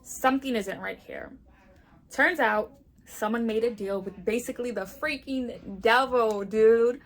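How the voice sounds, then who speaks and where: A woman's voice: fairly high pitch, measured pace, fairly bright tone. A young woman chatting casually in a book review vlog, often saying "like" and acting out the characters' lines. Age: young adult.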